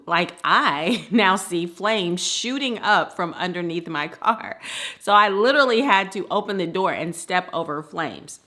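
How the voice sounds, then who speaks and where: Woman from the Midwest, storyteller, bright and lively, laughs often. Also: medium pitch. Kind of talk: personal storytelling.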